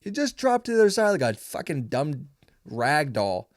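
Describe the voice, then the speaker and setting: A man's voice: a little high, sing-song, normal speed, dry recording, studio quality. A man in his twenties, a stand-up comedian, rambling and swearing his way through a casual, self-mocking monologue. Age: 20s. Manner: rambling, profane storytelling. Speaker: stand-up comedian, podcast host.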